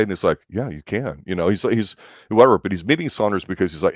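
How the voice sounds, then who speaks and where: Excitable deep-voiced man reviewing a movie. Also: fast, dry recording, studio quality. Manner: rambling, excitable, swears casually, lots of fillers. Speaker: movie review podcast host. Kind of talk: casual movie review chat.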